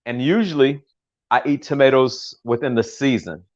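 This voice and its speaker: An older American man walks viewers through a recipe in his home kitchen, chatting loosely, correcting himself and cracking small jokes. His voice sits at a middle pitch. The livestream audio is a little dull and lo-fi. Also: normal speed, darkish tone. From United States. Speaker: home cook hosting a livestream. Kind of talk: casual cooking demonstration.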